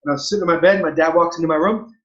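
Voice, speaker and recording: High-voiced earnest man in his forties. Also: racing, a bit bright, roomy sound. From Southern California. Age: 40s. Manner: earnest and repetitive, restarts phrases. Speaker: interview guest, former pro baseball player. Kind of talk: heartfelt personal storytelling. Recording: dull lo-fi audio.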